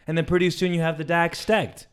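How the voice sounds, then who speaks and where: A man co-hosting a comedy podcast, talking in animated, profane rants and joking around. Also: a little high, fairly quick, smooth. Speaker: podcast co-host. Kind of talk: casual comedy chat.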